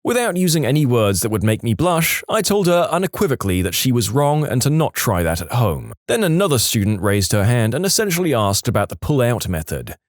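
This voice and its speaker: A man narrating reader-submitted stories in a scripted, expressive way, slowing down to land punchlines. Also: mid-range voice, no echo, studio quality. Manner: expressive, slows down to stress punchlines. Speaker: storytime narrator.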